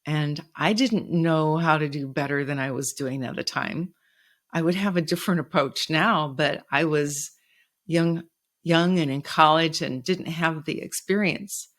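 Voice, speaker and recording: Middle-aged woman podcaster, low-ish voice, earnest and reflective, telling her own story. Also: unhurried. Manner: reflective, earnest, quoting others with raised voice. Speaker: podcast host. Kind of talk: personal storytelling.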